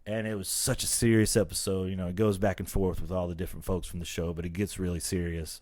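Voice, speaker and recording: A man hosting a casual podcast, telling stories in an animated way and acting out the quotes. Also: sits low, fast talker, no echo, clean studio sound. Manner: animated storyteller, acts out quotes. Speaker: podcast host. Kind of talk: casual chat.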